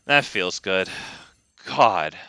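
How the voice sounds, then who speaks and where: A man's voice: sits low, expressive, drawn-out words, bright, forceful tone, smooth, no room sound. A young man giving casual, wry gameplay commentary with lots of ums, close to a desk mic.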